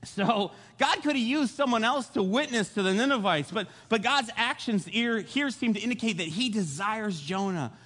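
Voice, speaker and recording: A young man preaching a casual sermon, retelling a Bible story in an animated way and acting out the voices. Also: high-pitched, moderate pace, hardly any pauses. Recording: long hall reverb.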